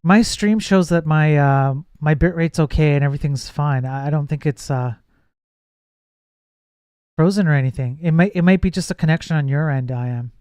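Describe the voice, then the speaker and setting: A man's voice: fairly high pitch, moderate pace, a little mellow, clear, resonant tone, dry recording, studio quality. A man live-streaming while he codes, thinking aloud and chatting with viewers, with frequent restarts. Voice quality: says his voice gets nasal when projecting. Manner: thinks aloud, reads chat, trails off and restarts. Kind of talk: casual live-stream chat while coding.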